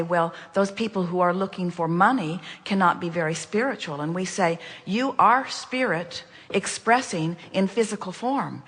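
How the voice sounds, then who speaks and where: A woman speaks in a measured, emphatic manner, calling herself "we" as she teaches. Her voice carries the long reverb of a large hall. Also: medium pitch, a bit bright. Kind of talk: spoken teaching in conversation.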